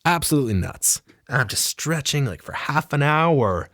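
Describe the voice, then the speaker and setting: A man's voice: a little high, very animated, normal speed, fairly bright tone, no room sound, studio quality. A man telling a rambling, self-mocking comic story with lots of swearing.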